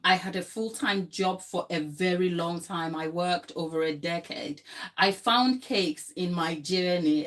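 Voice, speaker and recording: A young woman talks slowly and unhurriedly while frosting cupcakes on a livestream. She is chatty and emotional, laughs often and talks straight to her viewers. She sounds a little tired. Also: fairly low pitch, fairly bright tone. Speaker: baker hosting a livestream. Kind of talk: live baking tutorial chat.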